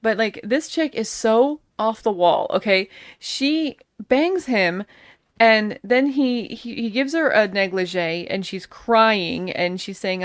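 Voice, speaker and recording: A woman's voice: mid-range voice, takes it slowly, no echo, studio quality. A woman co-hosting a podcast, casually and bluntly reacting to a film with incredulous, profane remarks. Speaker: podcast co-host. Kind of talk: casual movie-review chat.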